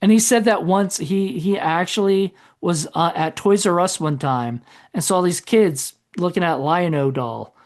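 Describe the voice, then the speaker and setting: A man co-hosting a podcast speaks a little slowly in a high-pitched voice. In casual conversation he meanders, corrects himself along the way, and often trails off.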